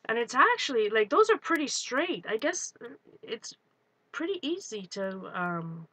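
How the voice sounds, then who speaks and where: A woman hosting a live art stream, chatting excitedly as she works and greets viewers. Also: on the high side, unhurried, no room sound. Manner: excitable, talks while working, greets viewers. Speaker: art livestream host. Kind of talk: live crafting demo, chatty.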